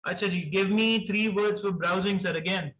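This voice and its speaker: Guy teaching vocab, highish voice, brisk quizzing, says sir a lot, mixes in urdu. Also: steady tone, a bit bright, rough recording. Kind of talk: live online class, quizzing students.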